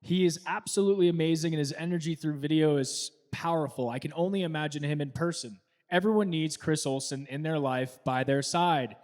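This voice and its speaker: A man's voice: fairly high pitch, a little fast, hardly any pauses, a little mellow, long reverb tail. A man co-hosting a casual Q&A, upbeatly reading out fan questions. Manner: upbeat, reads out questions and names.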